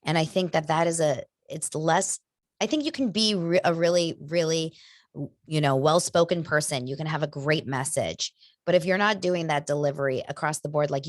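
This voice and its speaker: A woman's voice: low-pitched, dry recording, clean studio sound. A woman hosting a podcast interview, enthusiastic and affirming toward her guest. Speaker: podcast host.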